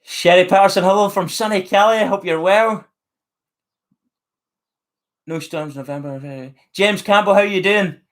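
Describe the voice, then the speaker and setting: A man's voice: sits high, measured pace, pauses often, a bit bright. A man with a Northern Irish accent hosting a live stream, chatting casually and reading out viewer comments. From Northern Ireland. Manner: chatty, friendly, reads viewer names aloud.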